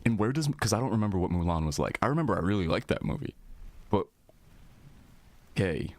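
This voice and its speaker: A male streamer talks loosely with his live chat in a deep, low voice. He rambles through half-finished thoughts and swears freely as he reacts to viewers' comments. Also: expressive, fairly quick, a little mellow.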